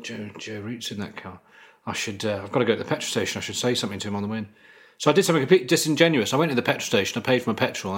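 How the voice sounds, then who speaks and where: A man's voice: mid-range voice, a bit bright. A middle-aged man hosting a podcast, telling stories in a dry, self-deprecating way. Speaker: podcast host. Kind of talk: casual chat.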